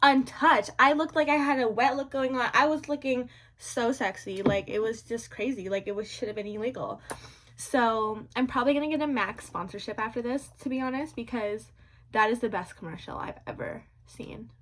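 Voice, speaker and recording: A young woman telling a story to her viewers in a casual vlog, animated and slangy, repeating lines for drama. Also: a little high, moderate pace, a little hiss or hum.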